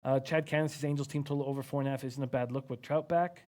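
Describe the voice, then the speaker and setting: A man's voice: mid-range voice, steady tone, fast, hardly any pauses, mellow. A man hosting a live betting-picks stream, thinking aloud casually and reading out viewer comments with frequent hmms. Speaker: sports betting analyst host.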